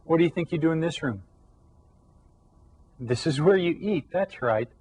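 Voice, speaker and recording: A man teaching a recorded Spanish lesson to children, patiently explaining and slowly drawing out each new word. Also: fairly high pitch, animated, a little mellow, rough recording. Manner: slow, drawn-out modeling of Spanish words. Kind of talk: televised classroom lesson for children.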